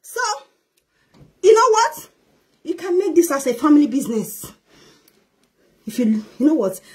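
Exuberant woman networker pitching live on video; very high, animated voice, shrieking and laughing. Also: unhurried. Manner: laughs often while talking. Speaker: network marketer. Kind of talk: excited promotional live video.

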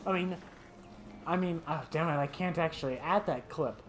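A man's voice: on the high side, normal speed, fairly bright tone, slight background noise. A man giving let's play commentary who talks to the dinosaurs on screen and yelps and shrieks when startled. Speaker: gaming commentator.

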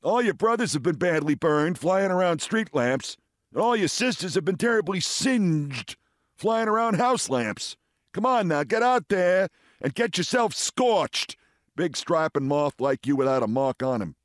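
A hearty, scolding father moth, put on by a male storyteller pitches his voice up high. He stretches his words out slowly and lectures his son in a storybook fable. The recording is close and dry. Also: sing-song, no echo. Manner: hearty, scolding, drawn-out phrases. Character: gruff old male moth, bossy father.

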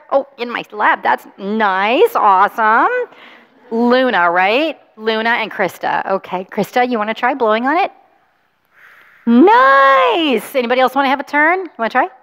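A woman pastor with a fairly high voice reads the gospel and talks gently to children. She coaxes and encourages them. Her voice carries a long reverb through a church sanctuary. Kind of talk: gospel reading and children's sermon.

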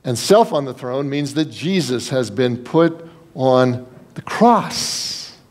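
A man's voice: medium pitch, animated, takes it slowly, a little mellow. A man preaching a sermon as pastor, earnest and conversational, with folksy asides.

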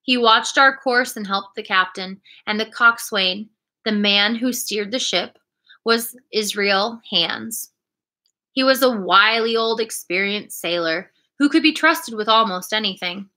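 Brief: woman reader, clear storytelling delivery, bright voice. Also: medium pitch, a little slow. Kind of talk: reading a children's storybook aloud.

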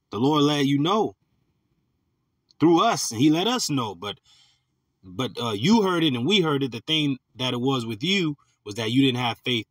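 A man teaching from scripture, reading verses slowly and then commenting in casual slang. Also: medium pitch, fairly bright tone, dry recording. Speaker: preacher.

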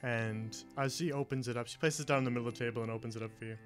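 A man narrating as game master of a tabletop game, relaxed and chuckling, with many pauses. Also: medium pitch, faint music behind.

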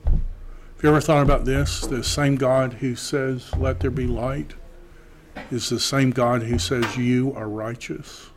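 A man teaching a Greek class, slowly reading Greek aloud and then translating it. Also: medium pitch, fairly even intonation, noisy background. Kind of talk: classroom lecture.

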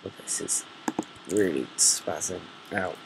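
A man's voice: deep voice, takes it slowly, vocal fry, background noise. A man casually commenting on his own gameplay, muttering, swearing and thinking aloud while he builds. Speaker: gameplay video maker.

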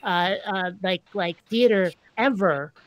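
A woman chatting casually in a group conversation, animated and wry. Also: medium pitch, takes it slowly, dry recording. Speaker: live stream co-host.

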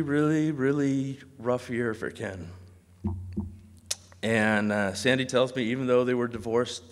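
A man giving a memorial speech, telling animated anecdotes and mimicking voices. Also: mid-range voice. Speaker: eulogy speaker. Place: large hall. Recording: long hall reverb.

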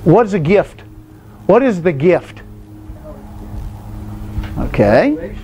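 High-voiced man teaching a Bible class. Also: very animated, slow, warm tone, slight background noise. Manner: conversational, quizzes the class with questions; loose, digressive explaining. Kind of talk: informal Bible study lecture.

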